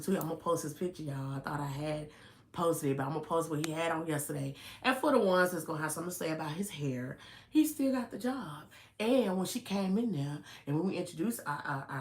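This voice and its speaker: A middle-aged woman telling a story to her viewers in an animated, chatty way, calling them "y'all" and "honey". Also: on the low side, reverberant. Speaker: vlogger. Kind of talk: casual storytelling to camera.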